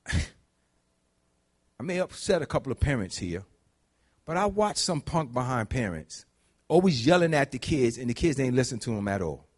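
Man preaching, from murmurs to shouts. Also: big pitch swings, normal speed, long pauses, slightly rough. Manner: conversational preaching, swings from low murmurs to high shouts. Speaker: pastor. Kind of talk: sermon.

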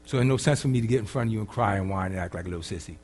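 A man preaching as a pastor, swinging from loud emphatic lines to quiet, casual, humorous asides. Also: fairly low pitch, rapid-fire, slight background noise. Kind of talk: sermon.

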